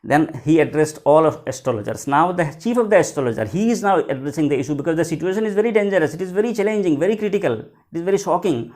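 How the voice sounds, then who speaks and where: A man's voice: on the high side, darkish tone. A male teacher reading a story aloud and explaining it line by line in simple words. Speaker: English teacher. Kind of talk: textbook lesson explanation.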